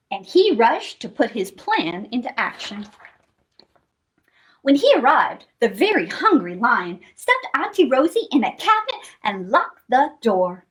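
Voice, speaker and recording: A woman hosting a children's storytime, reading a picture book aloud with expressive, sing-song storytelling. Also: high-pitched, a little slow.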